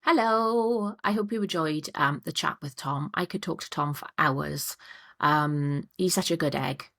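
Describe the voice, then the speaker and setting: Enthusiastic sweary woman hosting a podcast, lowish voice, just over a cold. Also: unhurried, creaky, a bit bright. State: recovering from a cold. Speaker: podcast host. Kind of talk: casual interview chat.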